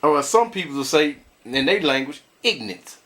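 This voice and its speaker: A man with a somewhat high voice that swings widely up and down as he rants. He talks bluntly and casually to his viewers, often laughing while he complains. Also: animated, moderate pace, noisy background. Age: adult, married. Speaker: vlogger. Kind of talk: casual ranting commentary.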